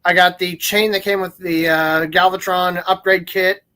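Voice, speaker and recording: A man's voice: high-pitched, level tone, normal speed, pushed and bright. A man on a podcast in casual chat, rambling and laughing often.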